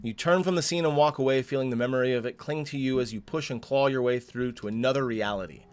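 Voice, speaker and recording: A man's voice: medium pitch, fast talker, clear, resonant tone. A man hosting a game playthrough, reading the story text aloud and breaking off for chatty asides. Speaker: let's play host.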